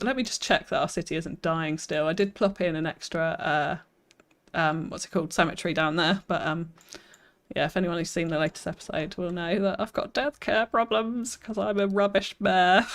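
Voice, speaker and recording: The voice is medium-pitched with a fairly bright tone. It belongs to a streamer chatting through live gameplay, voicing viewer comments and responding with self-deprecating laughs.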